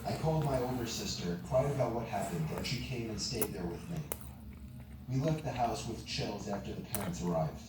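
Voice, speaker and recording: A man reading a horror story aloud in an even storytelling delivery. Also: lowish voice. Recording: very echoey, distant, noisy.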